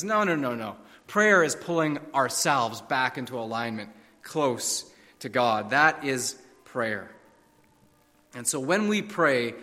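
A man's voice: a little high, animated, unhurried, bright, forceful tone, big-room sound. A man preaching a sermon, telling stories and fables with a dramatic, varied delivery. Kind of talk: sermon with storytelling.

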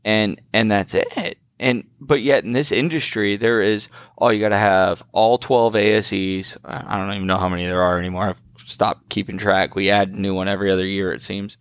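Man, lowish voice, sarcastic podcast riffing, dull lo-fi dry recording. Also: steady tone, fairly quick, few pauses, a bit bright, no echo. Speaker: podcast co-host on the auto repair trade. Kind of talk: casual discussion.

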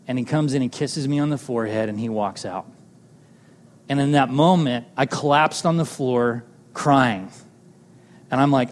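A man telling a personal testimony as a sermon, animated, moving between loud exclamations and hushed tender moments. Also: mid-range voice, moderate pace, long pauses, slight background noise. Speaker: preacher sharing a testimony. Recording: long hall reverb.

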